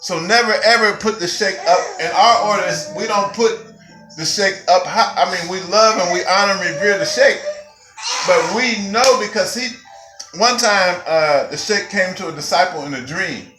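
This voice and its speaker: A man teaching a spiritual gathering as a Sufi teacher, with an animated, emphatic, preacher-like delivery. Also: high voice, moderate pace. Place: gathering room with audience. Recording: roomy hall with faint music.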